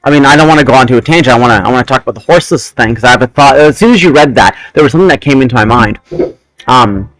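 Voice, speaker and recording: Animated man telling a long story. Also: medium pitch, rapid-fire, dry recording, rough recording. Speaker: host. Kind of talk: casual chat.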